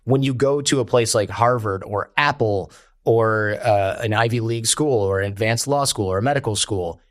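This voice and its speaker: A man, a podcast guest telling stories in an animated way and quoting people in character. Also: lowish voice, moderate pace, no room sound, clean studio sound. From United States. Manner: animated storyteller, quotes others in character. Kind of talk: conversational interview.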